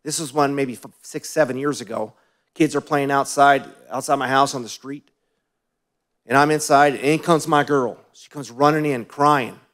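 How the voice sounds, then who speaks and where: Brief: male pastor, mid-pitched voice, relaxed storytelling sermon with questions to the congregation and quiet asides. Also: normal speed.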